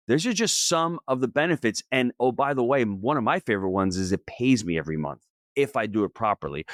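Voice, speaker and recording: Emphatic low-voiced man, interview guest. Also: no room sound, clean studio sound. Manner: energetic, emphatic and persuasive. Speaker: podcast guest. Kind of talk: interview answers.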